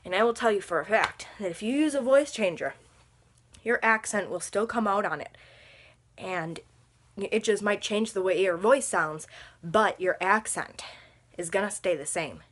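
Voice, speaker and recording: Brief: casual vlogger woman, rambling and chatty, bright edge, recorded at home. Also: mid-range voice, normal speed. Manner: rambling, chatty, lots of fillers. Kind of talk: casual storytime vlog. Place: room at home under a lamp.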